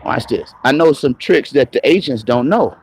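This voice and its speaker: Raspy man ranting on a stream. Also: medium pitch, lively intonation, normal speed, low-quality recording. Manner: confrontational, profane, mocking. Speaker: online commentator. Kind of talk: live-streamed rant. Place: moving around on the go, patchy signal.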